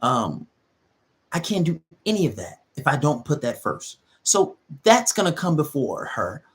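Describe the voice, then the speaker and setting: A man's voice: on the high side, very animated, measured pace. A man hosting an advice channel, lecturing his audience in an emphatic, repetitive monologue. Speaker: relationship advice host.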